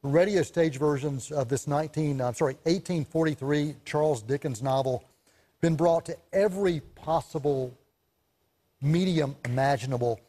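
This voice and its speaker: A man co-hosting a casual talk show about movies, chatty and animated, laughing often as he tells stories. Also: a little high, normal speed. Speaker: co-host, film reviewer.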